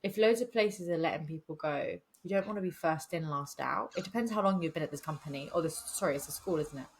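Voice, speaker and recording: A young woman co-hosting a casual podcast chat, slangy and quick to laugh. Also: sits low. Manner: chatty, slangy, laughs often. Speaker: podcast co-host.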